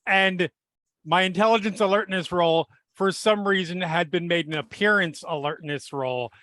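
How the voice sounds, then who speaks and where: A man's voice: sits high, moderate pace, bright, forceful tone, dry recording, clean studio sound. A man playing a tabletop game, joking and thinking aloud about his moves. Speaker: player.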